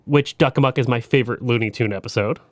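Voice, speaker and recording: A man co-hosting a relaxed podcast, chiming in with trivia in an easygoing manner. His voice sits in a middle register, heard through a dry, close mic. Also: mid-range voice, quick pace, no room sound. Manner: easygoing, adds trivia and references. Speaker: podcast co-host. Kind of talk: casual chat.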